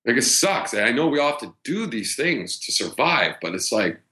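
A man in his thirties, a podcast guest, telling stories in a loose, profane, animated way, full of fillers and restarts. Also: mid-range voice, normal speed. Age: 30s. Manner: heavy filler words and restarts. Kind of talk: casual storytelling chat.

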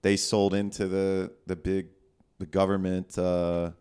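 Man, podcast host, very deep voice, smooth, rambling, casual. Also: flat delivery, a little slow, darkish tone. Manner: rambling, many fillers and restarts. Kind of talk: casual conversation.

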